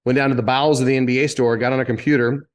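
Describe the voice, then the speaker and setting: A former TV sports and entertainment reporter in his fifties, from Indiana, USA, tells loose, animated anecdotes from his career as a guest in a casual interview. His voice is middle-pitched, he talks at a racing pace, and he often circles back and restarts mid-sentence while building a story.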